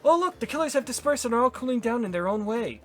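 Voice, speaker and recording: A man voicing a scheming, smooth-talking male narrator of a resort island, sly and persuasive. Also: extremely high pitch, animated, quick pace, a bit bright, soft background music. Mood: coaxing.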